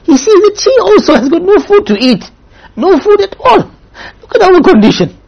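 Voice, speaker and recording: A woman with a high voice delivers an earnest religious sermon, telling a story and mixing Arabic and Urdu religious terms into her speech. Her delivery is emotional and at times close to tears. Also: very animated, moderate pace, gravelly, lo-fi sound. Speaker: religious speaker.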